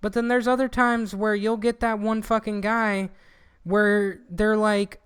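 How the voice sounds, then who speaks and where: A man's voice: sits high, measured pace, smooth, no echo, clean studio sound. Rambling, profane young man. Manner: rambling, profane, animated when quoting people. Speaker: podcast co-host. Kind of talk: casual chat.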